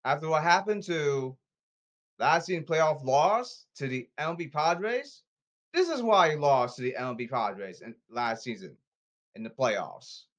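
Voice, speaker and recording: A man scolds and demands in a repetitive rant, stumbling and restarting his words. His voice sits a little high for a man and swings widely in pitch. He speaks slowly and drags out his words. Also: lively intonation, a bit bright. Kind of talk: angry rant at the camera.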